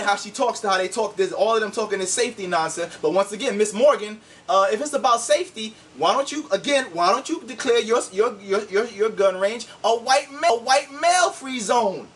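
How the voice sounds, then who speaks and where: A man's voice: high-pitched, animated, normal speed, a bit bright, far from the mic. A man delivering a heated, combative video rant, insulting his opponents and repeating "see?" to drive his points home. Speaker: online commentator.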